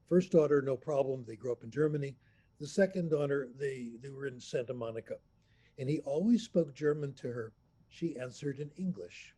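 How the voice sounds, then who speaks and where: A man in his eighties, a language professor telling anecdotes in an unhurried, storytelling way on a remote video call. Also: medium pitch, warm tone, breathy edge. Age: 80s. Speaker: language professor, interview guest. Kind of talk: storytelling interview answer. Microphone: computer mic on a video call.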